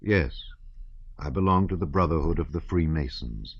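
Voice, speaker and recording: A man voicing a severe old male Freemason who speaks in a deliberate, measured way. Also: extremely low pitch, slightly rough, lo-fi sound. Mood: grave, solemn.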